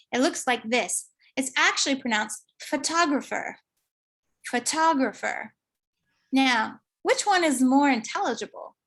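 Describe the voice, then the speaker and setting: A woman giving an online lecture, explaining slowly and thinking aloud with fillers. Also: a little high, a bit bright.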